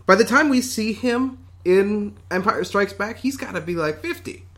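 A man's voice: high-pitched, lively intonation, moderate pace, fairly bright tone. A man co-hosting a casual chat, hesitant, with many fillers and restarts. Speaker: podcast co-host.

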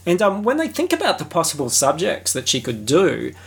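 A man giving a casual, sarcastic and jokey film review, animated and chatty. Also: on the high side, a little fast, vocal fry, breathy edge.

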